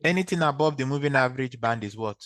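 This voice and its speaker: A man's voice: mid-range voice, fast talker, a bit bright, no room sound. A man with a Nigerian accent leads an online trading class, explaining each step and putting questions back to his students. His voice sits in the middle of a man's range and comes across dry and close, with no room sound around it. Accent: Nigerian English. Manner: patient, quizzing students with repeated questions. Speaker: trading instructor. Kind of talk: online screen-share training session.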